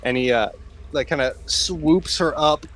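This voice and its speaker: A man's voice: fairly high pitch, measured pace, a bit bright, slight background noise. A man narrating a tabletop game as game master, loose and full of fillers.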